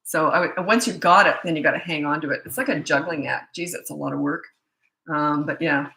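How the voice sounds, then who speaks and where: Low-pitched and brisk, this middle-aged parenting coach sounds creaky, pushed and bright as she fields questions from viewers. Her answers are chatty and meandering, frequently starting over partway through a sentence, all captured in an echoey, spacious room.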